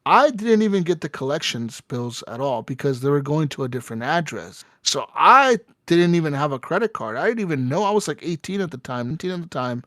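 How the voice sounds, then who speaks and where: Profane, animated male podcast co-host. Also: a little high, brisk, few pauses, no room sound, studio quality. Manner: profane, animated storytelling with mocking voices. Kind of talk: casual podcast chat.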